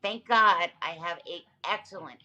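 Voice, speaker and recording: A woman's voice: lowish voice, a little slow, bright, forceful tone, muffled recording, soft background music. A woman hosting a livestream, talking back to her chat in an emphatic, repetitive way while exhausted. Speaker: livestream host. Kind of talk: casual livestream talk to chat.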